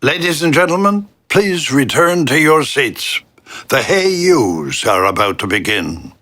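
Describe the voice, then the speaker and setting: A man making a slow, stately formal announcement, played as a clip. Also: mid-range voice, very animated, sharp tone, dry recording.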